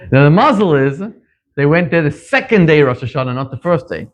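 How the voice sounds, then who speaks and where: A middle-aged man from Zimbabwe, a rabbi giving a sermon and telling stories, his voice climbing sharply whenever he stresses a point. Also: normal speed. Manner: animated storyteller, pitch leaping up for emphasis. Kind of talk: sermon with storytelling. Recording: dull lo-fi recording.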